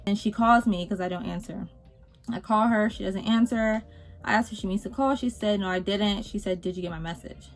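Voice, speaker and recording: A young woman vlogger telling a storytime while doing her makeup, animated and swearing freely, swinging between loud exasperation and low muttered asides. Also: fairly quick, faint music behind.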